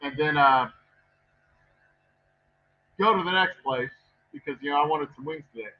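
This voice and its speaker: A man with a fairly high, slightly husky voice chats on a live stream from his distillery workshop while he works. He rambles with wry, self-mocking humor and swears freely. The sound is a little dull and lo-fi. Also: moderate pace. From Texas. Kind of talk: casual live-stream chat while working.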